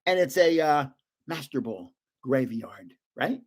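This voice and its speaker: An older man casually opening trading cards on a live stream, chatty and excitable, guessing aloud and laughing often. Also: medium pitch, slow, slightly rough. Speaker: card-opening vlogger.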